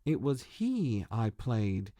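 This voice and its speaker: A man's voice: mid-range voice, very animated, slow, warm tone, dry recording, studio quality. A man voicing a weary, deceitful old sorcerer in a book reading, pleading and self-pitying. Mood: confessing.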